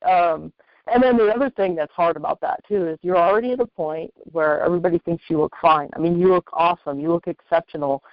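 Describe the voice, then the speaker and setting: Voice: mid-range voice, quick pace, no echo. A host in a casual interview, talking in an encouraging, conversational way and often repeating points. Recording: dull lo-fi dry line.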